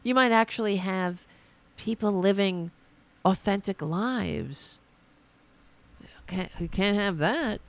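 A woman hosting a political podcast, delivering an indignant, scolding rant while her voice is going hoarse. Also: medium pitch, takes it slowly, long pauses. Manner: indignant, scolding, swears, talks to her dog aside. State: losing her voice. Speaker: podcast host. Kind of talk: ranting political commentary.

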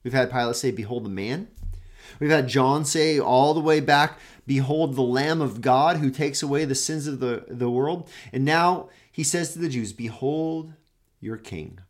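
A pastor giving a daily devotional, reading scripture with dramatic swings between loud and hushed and often repeating words as he searches for phrasing. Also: medium pitch, measured pace. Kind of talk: daily devotional Bible teaching.

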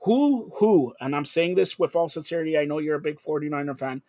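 Guy hosting sports talk radio, kinda high voice, brash and jokey, bone dry sound. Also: fairly quick, a little mellow, dry recording. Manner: brash, jokey, leading questions.

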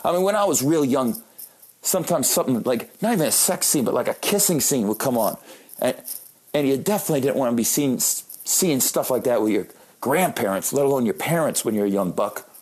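Husky-voiced comedian in his late thirties. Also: mid-range voice, lively intonation, brisk, a little mellow. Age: late 30s. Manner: joking, self-deprecating. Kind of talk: comic storytelling monologue.

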